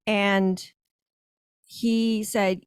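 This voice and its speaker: A woman's voice: mid-range voice, little pitch movement, drawn-out words, smooth, no echo, clean studio sound. A woman on a podcast telling her business story in an emphatic, conversational way, with frequent self-corrections. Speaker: guest, granola business owner.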